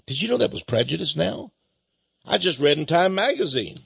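A man's voice: fairly high pitch, sing-song, measured pace, vocal fry, long pauses, a bit bright, breathy edge, no echo, lo-fi sound. An older man hosting a talk radio show, rambling in a folksy way with chuckling asides. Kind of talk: talk radio monologue with book pitch.

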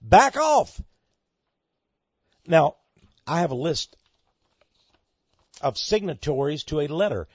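A man's voice: a little high, unhurried, long pauses, husky, no room sound, dull audio. A man with a Texan accent hosting a radio talk show, delivering an emphatic, sarcastic monologue. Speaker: radio host.

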